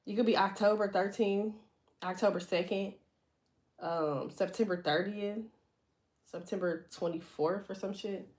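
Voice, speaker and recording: A woman's voice: medium pitch, steady tone, a little slow, a little mellow. A woman giving a casual tarot reading, blunt and profane, chatting freely with her viewers. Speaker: tarot reader.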